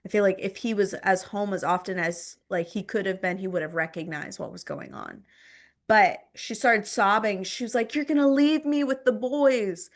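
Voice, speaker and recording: A woman speaking as a podcast guest, her voice sitting at an ordinary middle pitch. She tells her story in a loose, rambling way, full of "like" and "um," and she circles back to repeat phrases for emphasis. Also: normal speed. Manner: rambling, filler-heavy speech with frequent "like" and "um". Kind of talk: personal storytelling in conversation.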